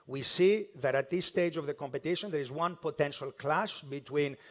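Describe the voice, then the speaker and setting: Higher-voiced man presenting a draw ceremony. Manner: measured and methodical, with occasional hesitations. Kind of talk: formal live announcing. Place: indoor ceremony hall.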